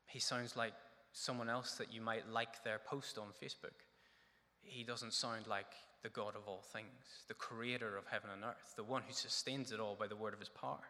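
A man's voice: mid-range voice, bright, forceful tone. A man preaching a sermon, earnest and full of rhetorical questions. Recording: echoey hall reverb.

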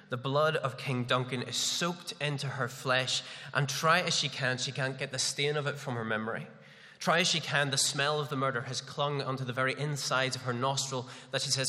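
A man preaching a morning sermon with a head cold, chatty and self-deprecating, dropping fillers as he goes. His voice is bright and forceful. A long reverb trails behind him as in a large church hall. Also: medium pitch, moderate pace.

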